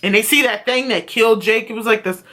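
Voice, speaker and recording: A woman with a fairly bright, high-leaning voice and quick pace recaps a TV series in a casual vlog. As a series reviewer, she's profane, outspoken and gossipy, telling the story while addressing her viewers directly.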